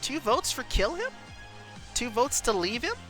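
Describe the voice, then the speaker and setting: A woman's voice: a little high, big pitch swings, unhurried, fairly bright tone, soft background music. A woman streamer reading an interactive story game aloud, taking viewer votes and exclaiming often.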